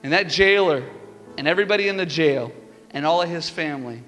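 A man preaching a sermon as pastor, telling stories with lively energy and building to fervent peaks. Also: on the high side, a little fast. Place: church sanctuary. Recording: reverberant hall with music behind.

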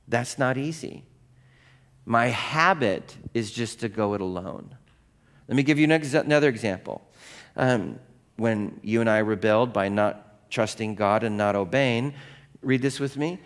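A middle-aged pastor preaches from a church stage with an animated, conversational style, as if chatting with the congregation. His pitch is ordinary for a man and his pace moderate, and he keeps asking the room questions and acting out voices in his stories.

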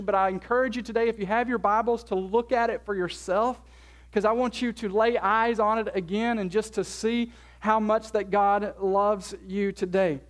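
Man, pastor, sermon, high voice, encouraging, repeats himself. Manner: repeats words and phrases, earnest and encouraging.

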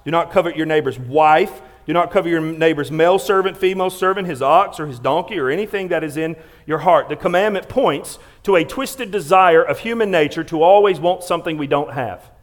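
A male pastor with a notably high voice preaches a sermon in a church sanctuary. He leans hard on key words and often stumbles over restarts. His volume rises for emphasis, then drops to near-hushed lines. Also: brisk, hardly any pauses. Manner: swings between loud emphasis and quiet, hushed lines.

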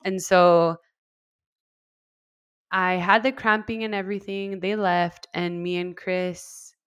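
A woman's voice: lowish voice, steady tone, takes it slowly, clean tone, no room sound, lo-fi sound. A young woman from West Texas casually telling her own story, chatty and full of "like", acting out what others said. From West Texas, USA. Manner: chatty, heavy use of "like", acts out quoted dialogue.

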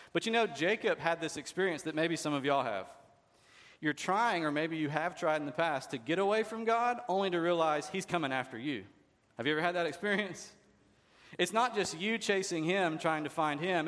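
Heard through long hall reverb, a pastor with a fairly high, fairly bright voice delivers a sermon. His tone is conversational, and he keeps asking the congregation rhetorical questions.

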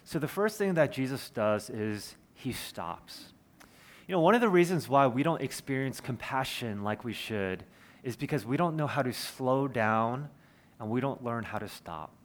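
A man's voice: medium pitch, expressive, normal speed. A man, preaching a sermon in an earnest, conversational way with personal stories. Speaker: pastor.

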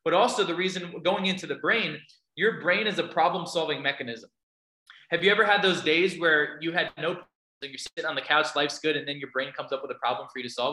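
With a slightly high, sharp voice, a male motivational speaker tells stories and asks his live audience questions. The reverberant recording is rough.

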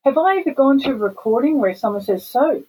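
A woman with an Australian accent, chatting as an interview guest in an animated, emphatic and frank way. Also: high-pitched, fast talker, a little hiss or hum, low-quality recording. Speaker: guest, voice actor and singer. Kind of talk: casual interview chat.

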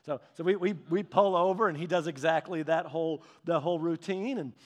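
A middle-aged man with a notably high-pitched voice delivers a sermon in a loose storytelling way. He chuckles through his anecdotes and often restarts mid-sentence, keeping the tone playful. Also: a little fast. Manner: animated, humorous storytelling with frequent laughs and restarts. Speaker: pastor.

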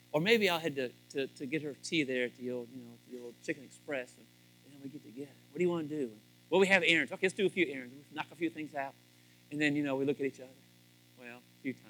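A man in a high, bright voice gives a joking, folksy talk on marriage to a live audience, often restarting his sentences. Soft guitar music plays faintly under him. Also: rough recording. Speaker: church speaker on marriage. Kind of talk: humorous sermon to a live audience.

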